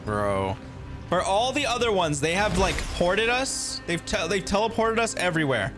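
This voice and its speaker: Animated man reacting to a game. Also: high-pitched, moderate pace, music in the background. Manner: animated, exasperated outbursts. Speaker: virtual streamer reacting to a game. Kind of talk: casual gaming reaction.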